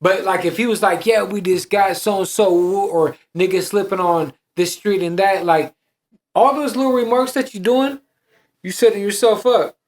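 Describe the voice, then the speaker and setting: Podcast guy, kinda high voice, slangy street stories, swears a lot. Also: normal speed. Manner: streetwise storytelling, acts out dialogue, frequent restarts and swearing. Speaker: podcast co-host. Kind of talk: casual chat.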